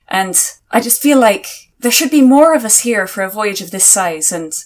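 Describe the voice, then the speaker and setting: A wary sailor, voiced by a woman in a tabletop game, confiding in a soft, hesitant tone. He searches for words and keeps his voice low. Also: natural voice.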